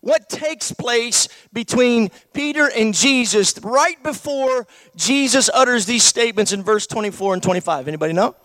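A man's voice: very high voice, animated, normal speed, hardly any pauses, fairly bright tone, no room sound. A man preaching a sermon, posing one rhetorical question after another to his congregation.

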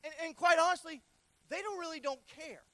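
Preacher guy, real high bright voice, punchy and repetitive, folksy, dry sound. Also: brisk, dry recording. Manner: emphatic, repetitive preaching with dynamic swings in loudness. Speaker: pastor. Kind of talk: sermon.

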